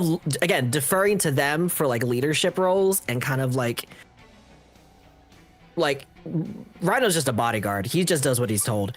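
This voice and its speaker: A man playing a character in a tabletop game, talking in an easygoing way with fillers. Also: mid-range voice. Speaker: player.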